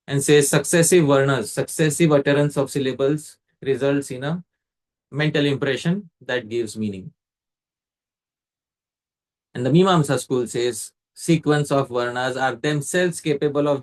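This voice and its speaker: A man leads a scripture class, explaining step by step and quizzing a student by name. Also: mid-range voice. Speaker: facilitator teaching a scripture class. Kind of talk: explanatory lecture.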